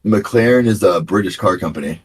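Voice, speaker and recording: Young male trader, lowish voice, slangy and chatty, casual stream banter. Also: brisk, slightly rough. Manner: rambling, slangy, animated storytelling. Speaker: day trader streaming live. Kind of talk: casual chat.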